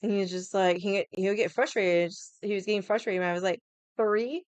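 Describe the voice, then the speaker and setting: A woman's voice: mid-range voice, fairly even intonation, fast, clean tone, no room sound. A young woman telling a story in a chatty, casual way, laughing and swearing as she talks. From Hawaii. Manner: irritated, stubborn storyteller. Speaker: vlogger.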